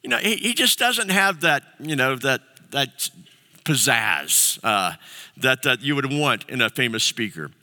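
A male pastor preaching a sermon in a conversational, halting way, with many fillers and restarts. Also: mid-range voice, big pitch swings, bright, forceful tone. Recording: long hall reverb.

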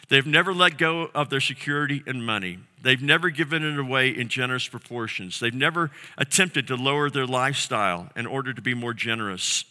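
A man's voice: mid-range voice, bright, forceful tone, big-room sound. A man preaching a sermon as a pastor, earnest and direct, repeating key phrases for emphasis.

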